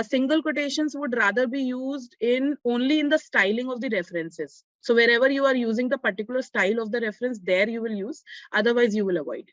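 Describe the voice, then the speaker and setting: A woman's voice: fairly high pitch, fairly bright tone, no room sound. A woman teaching an online class, explaining step by step and checking in with her students. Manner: frequent fillers and restarts. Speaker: online course instructor. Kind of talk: live online grammar lesson. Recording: dull lo-fi online class audio.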